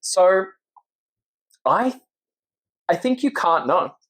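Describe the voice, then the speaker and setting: A man's voice: sits high, big pitch swings, extremely slow, fairly bright tone. A young man with an Australian accent, a podcast guest talking earnestly and thoughtfully in a casual chat. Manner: earnest, reflective, agreeable.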